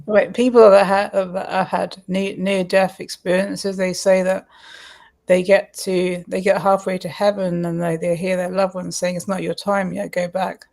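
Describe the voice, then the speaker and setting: Female co-host, creaky gravelly voice, agreeable casual chatter. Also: medium pitch, flat delivery, a little slow, a little mellow. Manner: agreeable, chimes in with short replies. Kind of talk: casual chat.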